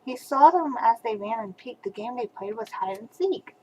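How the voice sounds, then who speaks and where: An older woman, a grandmother, reading a rhyming picture book aloud to a small child over a webcam, with soft asides between verses. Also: fairly high pitch, animated, moderate pace, a little hiss or hum, rough recording.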